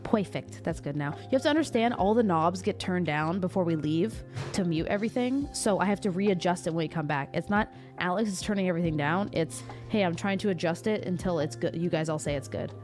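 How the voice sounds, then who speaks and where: A woman's voice: lowish voice, a little fast, a little mellow, soft background music. A woman streamer chatting casually and jokingly with her live chat and reading out their messages into a desktop mic.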